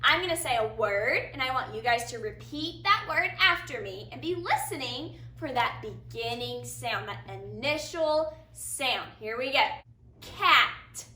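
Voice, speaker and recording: A woman teacher leading a phonics lesson for young children, in a sing-song, slow and encouraging way with big praise, in a classroom. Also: fairly high pitch, expressive, sharp tone, distant mic. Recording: roomy sound from a little off the mic, faint room hiss.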